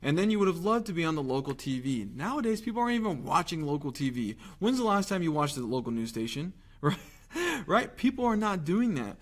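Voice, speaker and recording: Young man, fairly high voice, energetic sales pitch, conversational, rhetorical questions. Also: fairly quick. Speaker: marketing agency owner pitching local businesses. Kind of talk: direct-to-camera sales pitch.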